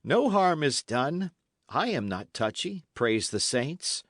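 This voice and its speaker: A man voicing a bold, cheerful young squire who speaks loudly and forthrightly in an old-fashioned storybook tale. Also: fairly high pitch, sing-song, slow, no room sound, studio quality, voice pushed up, exaggerated voice. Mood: hearty. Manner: loud, hearty, forthright.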